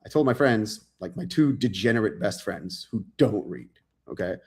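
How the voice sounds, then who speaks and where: A low-voiced man chats as an author guest in a relaxed interview. He rambles with plenty of fillers and acts out the lines people said, swearing without a second thought. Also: normal speed. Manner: animated storyteller, acts out quotes, swears freely; loose and rambling with many fillers. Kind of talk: casual interview chat.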